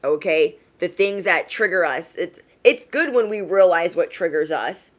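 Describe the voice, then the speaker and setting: A young adult woman giving a casual livestream tarot reading in a frank, emphatic way, often tagging her points with a quick question. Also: on the low side. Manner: emphatic, frank, tags lines with "okay?". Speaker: tarot reader.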